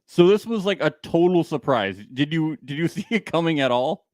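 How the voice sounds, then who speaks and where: Curious man with lively questions. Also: a little high, normal speed, no room sound, studio quality. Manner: curious, probing questions, lightly laughing. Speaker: podcast co-host. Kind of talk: interview questions.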